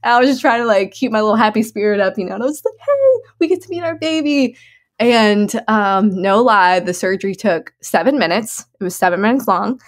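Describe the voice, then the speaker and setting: A woman telling a personal story in a casual, chatty way, laughing often and filling her talk with "like", her voice jumping up high when she gets excited. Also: fast talker, few pauses. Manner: animated, swings into high excited tones. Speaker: guest sharing her birth story.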